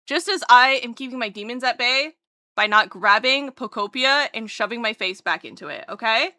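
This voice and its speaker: A young woman chats casually with her live viewers, bubbly and quick to get excited, tossing in self-mocking jokes. Her voice sits fairly high and sounds bright and forceful. The sound is dry, with no room around it. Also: no room sound. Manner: bubbly and excitable, voice leaps up when greeting viewers; jokey, self-mocking asides. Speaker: livestreamer.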